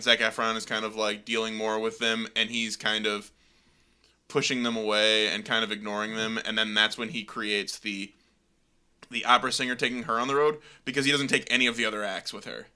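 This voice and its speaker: Very bright-voiced podcast man. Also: mid-range voice, smooth. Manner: quick retelling with filler words. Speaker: podcast co-host. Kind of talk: casual chat.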